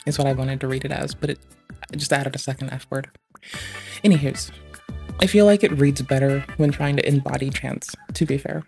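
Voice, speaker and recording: A man's voice: mid-range voice, fairly quick, gravelly, a little mellow. A man streaming, chatting casually while reading messages, rambling, joking and swearing often. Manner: rambling, swears a lot, jokey. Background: faint backing track music.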